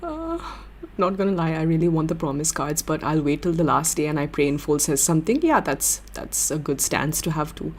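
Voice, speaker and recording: A young woman hosting a livestream, chatting with viewers in an excitable, giggly way. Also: low-pitched, fairly quick. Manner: excitable, giggly, gushing fan talk. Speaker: livestream host. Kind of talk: casual chat with viewers.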